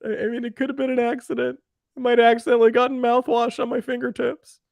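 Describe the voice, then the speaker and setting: A man putting on a flustered star pitcher who dodges a question, stammering through fillers and trailing off into rambling lists. The voice sits high and the sound is close and dry. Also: little pitch movement, creaky, darkish tone, dry recording. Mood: evasive. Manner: halting, evasive, stammering.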